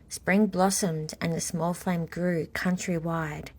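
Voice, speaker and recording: A woman recites a children's poem slowly, moving between breathy whispers and loud calls. Her voice sits on the lower side for a woman, and she takes her time over each line. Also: steady tone. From Australia. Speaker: poet and children's author.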